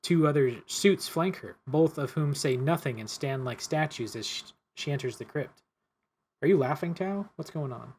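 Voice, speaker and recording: A man's voice: on the high side, expressive, normal speed, darkish tone, slight background noise. A man playing a cooperative card game, reading the story text aloud and stumbling and correcting himself as he goes.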